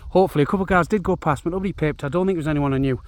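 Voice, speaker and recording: A vlogger chats casually to a handheld camera while hiking and running across open moorland, out of breath. His voice sits a little high and he talks very fast.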